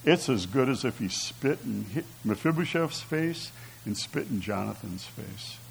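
A man's voice: mid-range voice, lively intonation, a little slow, creaky, slight background noise, low-quality recording. A man preaching a conversational sermon, reading scripture aloud and asking his listeners rhetorical questions. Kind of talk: sermon teaching.

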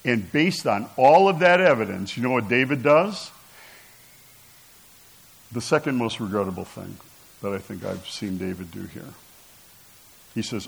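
A man's voice: lowish voice, moderate pace, vocal fry, pauses often, breathy edge, poor audio. A man preaching a conversational sermon, reading scripture aloud and asking his listeners rhetorical questions. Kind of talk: sermon teaching.

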